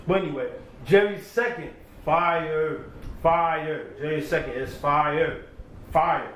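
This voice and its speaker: A man's voice: on the high side, slow pace, fairly bright tone. A man giving a laid-back commentary recap, repeating his praise, at home by his computer. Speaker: battle rap reviewer. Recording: roomy echo, distant mic, faint background hum.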